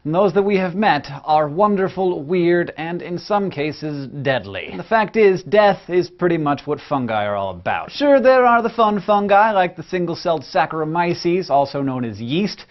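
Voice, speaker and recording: A man hosting a science lesson, delivering scripted narration in an energetic, playful, emphatic way. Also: high voice, moderate pace, hardly any pauses, muffled recording. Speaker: science educator host.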